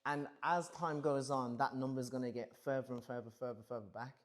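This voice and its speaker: A man's voice: medium pitch, steady tone, fairly quick. A man in his thirties musing casually and profanely on a livestream, rambling through big questions. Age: 30s. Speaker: streamer.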